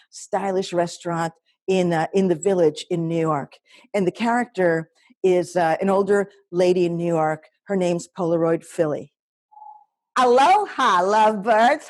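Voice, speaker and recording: A woman's voice: mid-range voice, darkish tone. A woman comedian casually setting up her next piece. She halts and restarts with plenty of fillers and pokes fun at herself along the way. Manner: halting, many fillers, self-deprecating. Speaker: solo performer and comedian. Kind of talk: casual introduction to a live-streamed performance.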